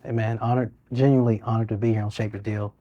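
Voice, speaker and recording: A man, speaking in an earnest, reflective way as a guest in a studio interview. His voice sits low and mellow, and his pitch stays fairly flat and even as he talks. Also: fast, no echo, muffled recording. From Birmingham, Alabama. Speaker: mayor. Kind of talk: interview conversation.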